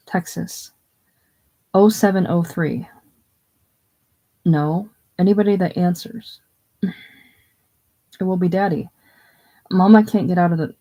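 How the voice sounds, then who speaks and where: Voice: mid-range voice, mellow, low-quality recording. Young bride, prim and wounded, near tears, read aloud by one reader. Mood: tearful. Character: tearful young newlywed wife, prim and gentle. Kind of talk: casual play reading.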